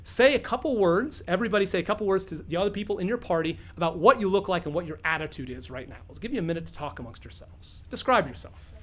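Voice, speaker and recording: A man's voice: high voice, lively intonation, rapid-fire. A man with an upbeat, explanatory manner, teaching beginners as game master and narrating the scene to a room of players.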